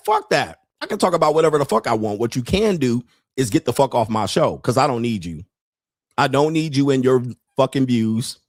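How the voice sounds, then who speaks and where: A man's voice: mid-range voice, dry recording. Guy hosting a show and ranting, lots of cussing and laughing, medium voice, dead dry room. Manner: blunt, heavy swearing, laughs often. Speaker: podcast host. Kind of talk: profane livestream rant.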